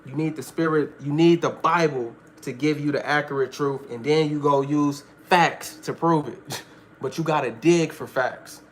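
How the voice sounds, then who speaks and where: A man's voice: a little high, moderate pace, a little hiss or hum. A man teaching a Bible study in a preaching style, emphatic and full of street slang, often asking listeners if they follow. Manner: street slang, repeats "all right".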